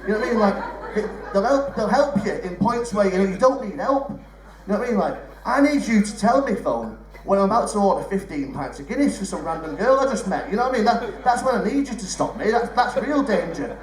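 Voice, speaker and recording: Fast and very animated, a young man with a high voice delivers live stand-up in a theatre, teasing the audience conversationally and cussing freely. He's recorded from a distance, so the sound is roomy and off-mic.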